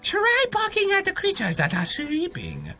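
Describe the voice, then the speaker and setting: A man's voice: sits high, wildly swooping pitch, unhurried, sharp tone, soft background music, full character voice. A man voicing a boastful male dog who calls himself a master sniffer, speaking in stilted, broken English like a game tutorial. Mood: instructive. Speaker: game commentator.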